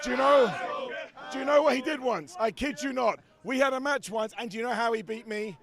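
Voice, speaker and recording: A man reviewing wrestling outdoors, bantering loudly with fans around him. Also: very high-pitched, a little fast, vocal fry. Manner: loud, joking, bantering with fans. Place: outside an arena among a crowd. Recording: loud crowd around him. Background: crowd chatter and street noise.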